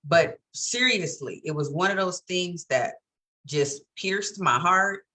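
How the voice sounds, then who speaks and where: A woman's voice: fairly low pitch, slow pace, bright, forceful tone. A woman co-hosting a casual chat, telling her story candidly and laughing often. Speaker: co-host.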